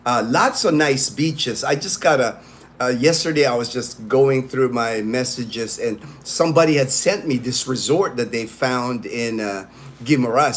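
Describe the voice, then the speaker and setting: A man's voice: medium pitch, slight background noise. A man hosting a casual livestream, rambling with many fillers and restarts as he greets viewers by name. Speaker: livestream host.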